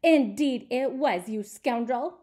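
A woman's voice: on the high side, slow, dark tone. A woman voicing a bold, proud farmer in a storybook. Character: bold Irish farmer, grown man.

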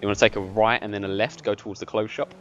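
A young man hosting casual gameplay commentary. His voice sits fairly low but swings widely in pitch as he gets excited, laughs, and barks directions at his friend. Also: racing, dull audio, background noise. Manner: excitable, bossy when giving directions, laughs often. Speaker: gaming channel host.

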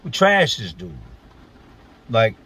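A man's voice: on the low side, wildly swooping pitch, slow pace, a bit bright, slightly rough. A man from Virginia telling a personal story on his vlog in a blunt, emphatic, profane way.

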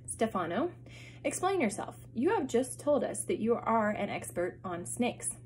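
A woman's voice: a little high, big pitch swings, unhurried, darkish tone, a little hiss or hum. A woman reading a fussy, stiff male banker.

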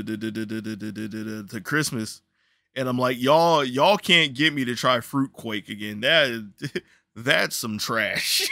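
A man hosting a casual solo podcast, reviewing a soda in a relaxed, rambling way and laughing easily. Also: on the high side, dry recording, clean studio sound. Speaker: podcast host reviewing sodas. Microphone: desk microphone.

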